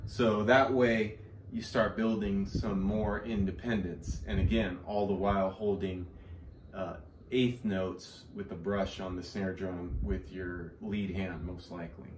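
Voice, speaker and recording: A man teaching drum exercises, explaining slowly and counting and scatting the rhythms aloud. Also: fairly low pitch. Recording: roomy, from a distance, faint hiss.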